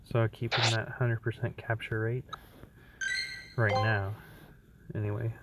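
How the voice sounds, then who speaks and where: A tired man streaming from his phone while sitting in his parked car, chatting casually in a slow, rambling way. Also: on the low side, flat delivery, heavy background noise. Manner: slow, sleepy and rambling, yawning between thoughts. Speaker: streamer playing a mobile game. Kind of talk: casual live-stream chat.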